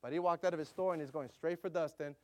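This is a middle-aged missionary preacher from the United States who tells a story from the pulpit. He speaks quickly and with plenty of energy, and he keeps calling out to his congregation. His voice sits a little high for a man. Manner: animated, quick storytelling with audience call-outs. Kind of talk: storytelling sermon.

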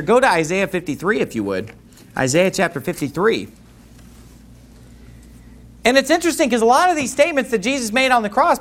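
A man's voice: high-pitched, a bit bright. A man preaching a sermon, reading scripture aloud and explaining it with mounting passion. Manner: impassioned, reads scripture aloud in King James wording.

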